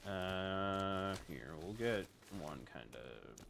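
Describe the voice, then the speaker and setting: A man's voice: deep voice, expressive, drawn-out words, creaky, noisy background. A man chatting and joking sarcastically with friends while playing a survival game. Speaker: gamer. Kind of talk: casual co-op let's play chat.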